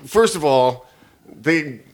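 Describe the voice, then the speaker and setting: Comedian guy telling a story, swears a lot, does the voices, kinda high voice. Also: takes it slowly. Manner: animated, swearing, acts out quotes in voices. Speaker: comedian guest. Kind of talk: casual chat, storytelling.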